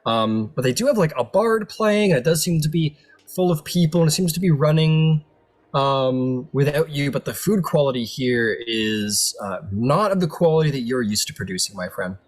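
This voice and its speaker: A man's voice: fairly high pitch, lively intonation, normal speed. A man narrating a tabletop game as game master, rambling with lots of fillers.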